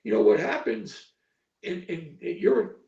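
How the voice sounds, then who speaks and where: Older coach guy, blunt and cussing, keeps saying okay right, kinda high voice, dull lo-fi stream sound. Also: animated, measured pace, vocal fry, warm tone. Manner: blunt, profane, repetitive with frequent "okay?" and "right?". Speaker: football coach guest. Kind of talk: podcast interview talk. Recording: echoey distant lo-fi stream audio.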